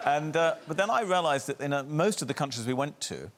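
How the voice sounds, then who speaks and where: Wry man with lively intonation. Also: a little high, a little fast, heavy background noise. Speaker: talk show guest, actor. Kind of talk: casual anecdote.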